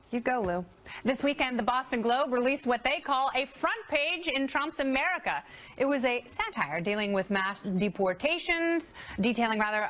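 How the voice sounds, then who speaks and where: High pitched woman hosting a tv panel, cracking jokes, studio mic. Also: a bit bright. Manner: wisecracking, teasing. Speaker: TV talk show host. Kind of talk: casual panel chat.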